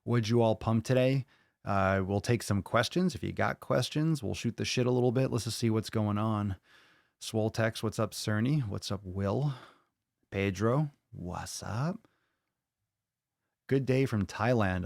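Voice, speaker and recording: A man's voice: fairly low pitch, moderate pace, gravelly, no echo, studio quality. An American man hosting a live-streamed fitness podcast, chatting casually with viewers, cursing freely and repeating his phrases. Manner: profane, hyped, repeats phrases. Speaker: podcast host.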